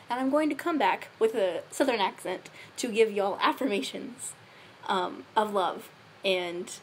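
A woman's voice: on the high side, a little hiss or hum. A young woman vlogger talking casually and thoughtfully to camera, musing with fillers. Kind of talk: casual reflective talk to camera.

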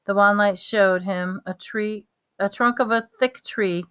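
A woman reading a storybook aloud, halting often to correct herself. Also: mid-range voice, fairly even intonation, a bit bright, clear, resonant tone. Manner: halting, stumbles and self-corrections. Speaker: reader.

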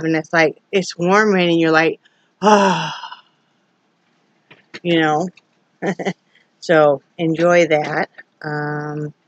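A woman's voice: on the low side, fairly bright tone, no room sound. Middle-aged woman, homey vlogger chatting from home, dry and slightly dull recording. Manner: chatty and homey, with laughs and asides. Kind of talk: casual chat to camera. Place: home, indoors. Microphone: phone or camera on a ring light.

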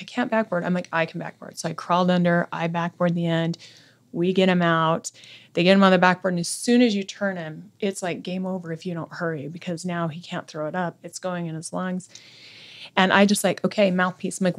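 A middle-aged woman with a lowish, gravelly voice speaks as a podcast guest, retelling events intensely and vividly while acting out what people said. Her tone stays steady and conversational, and her pace is a little fast.

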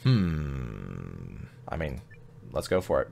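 A man's voice: deep voice, lively intonation, moderate pace, slight background noise. A man hosting a casual gaming video, chatting and reading game text aloud as he plays. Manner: chatty, reacts aloud and sings snatches of songs.

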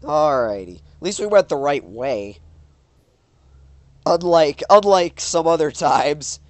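A man's voice: a little high, animated, slow, no echo. A man with a stuffed-up nose giving casual, rambling commentary while playing a driving game, often exclaiming at the road. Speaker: gaming YouTuber.

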